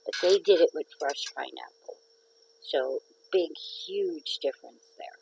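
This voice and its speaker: A middle-aged woman hosts a relaxed live stream from her house, talking slowly with a gravelly rasp. She rambles and chats with viewers, and a dog barks faintly outside. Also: low-pitched, a little hiss or hum, rough recording. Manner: chatty, rambling, talks to commenters by name. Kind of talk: casual live chat to viewers. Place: at home. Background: neighbor's dog barking.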